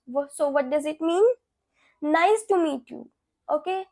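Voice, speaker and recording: A young woman teaches beginner French at a very slow, careful pace, saying every phrase twice. Her voice sits very high. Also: vocal fry, a little mellow. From India. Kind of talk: beginner language lesson.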